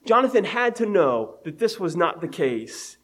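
Man, preacher, evening sermon, somewhat high voice, conversational, chuckles at his own examples. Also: big pitch swings, normal speed, fairly bright tone, husky. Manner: conversational, laughs at his own everyday examples, reads scripture aloud.

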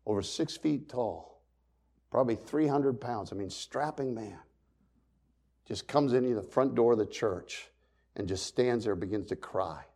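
A man pastor preaching a sermon, swinging between loud emphasis and quiet, hushed storytelling. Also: medium pitch, measured pace, husky.

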